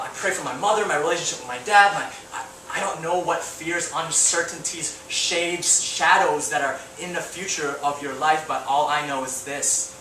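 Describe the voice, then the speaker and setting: A man preaches with a bright, forceful edge to his voice, telling an emotional story in broken, restarting phrases. He sounds somewhat distant from the mic, his voice ringing through a reverberant hall with faint room ambience. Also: fairly high pitch, slight background noise. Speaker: pastor. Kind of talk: sermon. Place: church hall.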